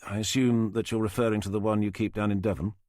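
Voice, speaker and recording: A man voicing a calm police inspector who questions in a measured, dry, firm way. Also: lowish voice, no echo, lightly acted.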